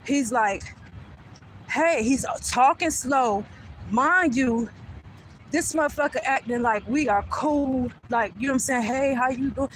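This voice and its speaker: A woman vlogging outdoors as she walks down a street, telling a story in an animated, blunt and profane way. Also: sits high, unhurried, a little hiss or hum, rough recording. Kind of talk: casual storytelling while walking.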